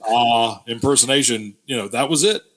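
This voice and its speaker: A man from Georgia in the US, a podcast guest telling relaxed anecdotes in casual chat. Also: mid-range voice, normal speed. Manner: relaxed anecdote teller, many "you know" fillers.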